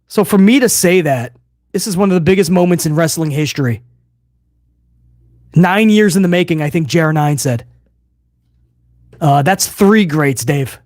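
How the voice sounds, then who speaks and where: A man hosting a live wrestling reaction stream, talking casually and excitedly, swearing and calling his viewers bro. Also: fairly high pitch, moderate pace, pauses often, dry recording, studio quality. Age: older adult fan. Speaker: livestream host reacting to wrestling.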